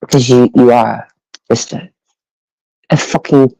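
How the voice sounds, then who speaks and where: A man's voice: mid-range voice, fairly even intonation, slow pace, gravelly, long pauses, dark tone, no room sound, rough recording. A man hosting a live audio panel, ranting in a rambling, profane, sarcastic way at listeners. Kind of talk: ranting casual monologue.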